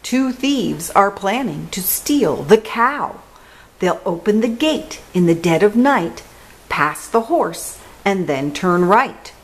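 A woman voicing a small, clever female ladybug who warns the farm animals, in a picture book read-aloud. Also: mid-range voice.

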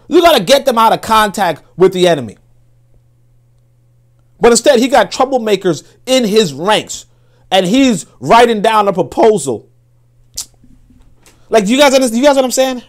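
Emphatic, high-voiced, profane male commentator. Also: lively intonation, normal speed, long pauses. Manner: emphatic, profane, repeats words while thinking. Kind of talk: casual commentary with read-aloud quotes.

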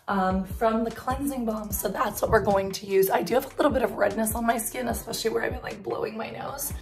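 A young woman who is sick and congested, chatting excitedly in a casual unboxing vlog. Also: medium pitch. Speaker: beauty vlogger.

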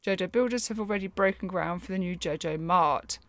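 A woman's voice: fairly low pitch, a little fast, fairly bright tone, no echo. A woman reading out a snooty corporate store manager, in a formal, smug manner.

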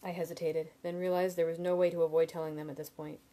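A woman at home reading a novel aloud in a soft, low-key narrating voice. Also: level tone, quick pace. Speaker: audiobook reader.

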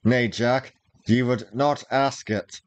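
A man's voice: medium pitch, fairly even intonation, slow, no room sound, close to an everyday voice. A man reading aloud, voicing a proud, hot-tempered young male outlaw archer in old-fashioned speech. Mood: earnest. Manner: archaic, old-fashioned speech, forceful outbursts.

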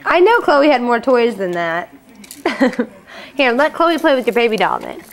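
A woman's voice: fairly high pitch, big pitch swings, a little slow, rough recording. A woman filming her babies at home on a handheld camcorder, playful and cooing, laughing often as she talks to them. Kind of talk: home video chat. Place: at home indoors.

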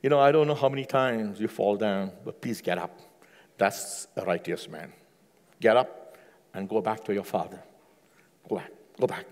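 A man preaching a sermon with passion, swinging from hushed, low pleading to loud, high exclamations. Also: moderate pace. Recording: long hall reverb.

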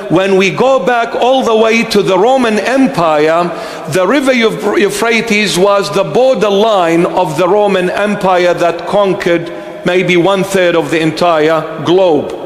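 A man preaching a sermon as a bishop, whose first language is Aramaic, speaking slowly and repeating phrases for emphasis in a church. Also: sits high. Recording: echoey church hall.

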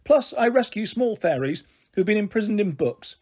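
A man's voice: sits high, sing-song, normal speed, a little mellow, voice pushed up. A man reading aloud, voicing a young girl who grandly pretends to be a fairy queen in a children's storybook. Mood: grandly pretending.

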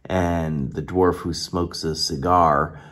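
A man with a deep, low voice talks through his tabletop game session as its dungeon master. He rambles and restarts often while mixing a recap with tips for other game masters. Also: steady tone, slow, a bit bright.

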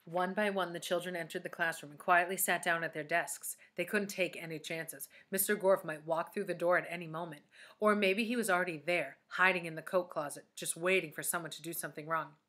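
A woman reading a children's chapter book aloud, expressive and speaking directly to young listeners. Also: lowish voice, brisk. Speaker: storybook reader.

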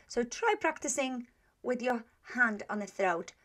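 A woman's voice: fairly high pitch, big pitch swings, unhurried, fairly bright tone. A woman teaching a pronunciation lesson. She demonstrates each sound patiently and repeats it several times, with frequent hesitations. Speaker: language teacher.

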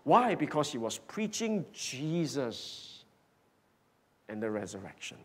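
Animated male pastor preaching. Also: mid-range voice, takes it slowly, breathy edge. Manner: emphatic, swings from loud declarations to hushed whispers. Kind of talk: sermon. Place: church hall.

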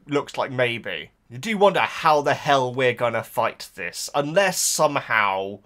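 A man's voice: mid-range voice, big pitch swings, a little slow, fairly bright tone. A man hosting a reaction channel, talking in a casual, emotional and rambling way with lots of restarts.

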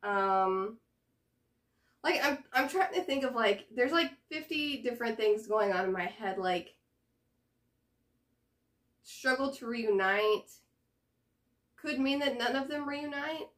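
A woman's voice: fairly high pitch, slow, pauses often, fairly bright tone. A woman hosting a reaction video, chatting casually to camera and thinking aloud with fillers and hesitations.

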